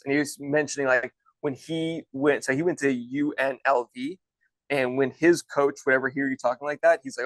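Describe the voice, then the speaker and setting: A man's voice: medium pitch, steady tone, normal speed, no echo, rough recording. A man in his thirties, a golf instructor and former pro, telling stories in a loose, chatty way with many restarts. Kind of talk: casual storytelling.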